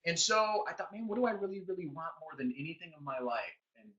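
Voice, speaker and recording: A man's voice: a little high, quick pace. A middle-aged man giving a motivational business training talk, acting out conversations as he tells stories. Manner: animated storyteller acting out conversations. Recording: dull lo-fi sound.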